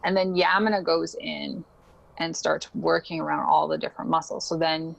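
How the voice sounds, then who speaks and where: A woman's voice: low voice, little pitch movement, moderate pace, vocal fry, rough recording. A young adult woman chatting casually as a podcast guest, laughing often and filling her talk with likes and ums. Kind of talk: casual interview chat.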